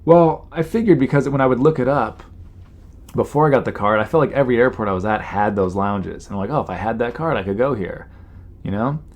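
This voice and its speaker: This podcast host talks fairly quickly in a medium-pitched voice. His storytelling is a loose, rambling monologue full of "you know," and he keeps imitating people in exasperated quoted asides.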